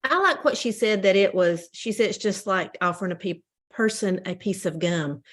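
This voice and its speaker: A woman's voice: mid-range voice, animated, moderate pace. A woman sharing her thoughts at a sales meeting in a plainspoken, matter-of-fact way. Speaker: meeting participant. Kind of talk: casual group sharing.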